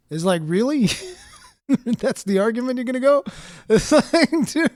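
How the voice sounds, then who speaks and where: A man's voice: very high-pitched, lively intonation, unhurried, darkish tone. A man streaming a reaction to a video, ranting in casual, profane commentary with frequent stumbles and restarts.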